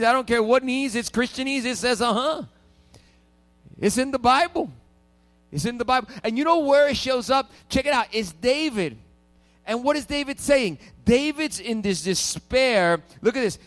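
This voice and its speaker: High-voiced man preaching playfully. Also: fairly bright tone. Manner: call-and-response preaching, playful and emphatic. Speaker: pastor. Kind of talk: sermon.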